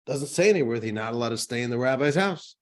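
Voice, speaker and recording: A rabbi teaching a class tells a joke in a lively, conversational way before getting into the lesson. His voice is medium-pitched and fast.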